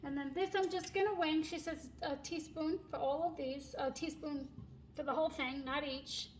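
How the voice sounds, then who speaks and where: The poor audio, with a little hiss or hum, catches a middle-aged woman's high, steady voice at a moderate pace. She's filming a casual cooking vlog in her kitchen, phone in hand and turned as she cooks, often laughing and apologizing. A pet bird chirps faintly nearby.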